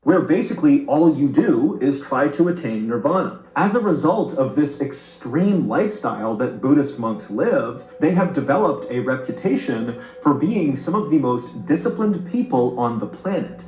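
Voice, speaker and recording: A man reading a scripted story and a comic ad read with a lively, theatrical delivery. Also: a little high, normal speed, few pauses, reverberant, faint music behind, poor audio. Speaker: storytelling narrator.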